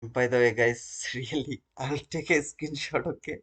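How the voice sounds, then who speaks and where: A man's voice: medium pitch, fairly even intonation, measured pace, fairly bright tone, husky. A man hosting a live trading stream, talking to his viewers in an earnest, informal way.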